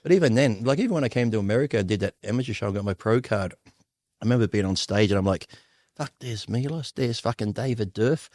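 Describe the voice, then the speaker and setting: A middle-aged Australian man telling rapid, profane stories as a guest on a podcast, acting out the voices of the people he quotes. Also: on the low side, a little mellow, no echo, clean studio sound. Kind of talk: casual storytelling interview.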